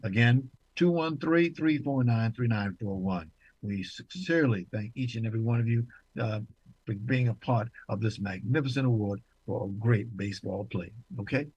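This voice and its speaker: A man's voice: mid-range voice, normal speed, a little mellow, slightly rough, no echo, muffled recording. An older man hosting a talk show, with a showman-like announcer delivery and playful asides to his guests. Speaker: host.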